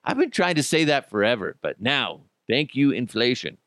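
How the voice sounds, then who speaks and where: A man from Colorado hosts a podcast in a loose, ranting style, his pitch swooping up and down as he mocks and swears. He laughs at his own jokes, and the recording is close and dry. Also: big pitch swings, normal speed, a bit bright, no echo. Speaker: podcast host. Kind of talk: casual ranting commentary.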